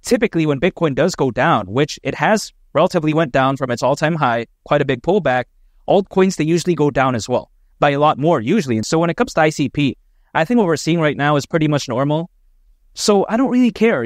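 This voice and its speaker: A man's voice: on the high side, dry recording, clean studio sound. A man hosting his own crypto vlog, talking in a chatty, emphatic way with lots of "you know". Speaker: crypto channel host. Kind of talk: casual opinion vlog.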